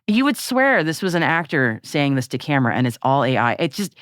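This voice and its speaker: A lively woman co-hosting a podcast, talking in a casual, animated way with plenty of laughter and quick restarts. Her pitch swings up and down freely as she talks. The recording is close and dry, with no room sound. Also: no echo. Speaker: podcast co-host. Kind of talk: casual chat.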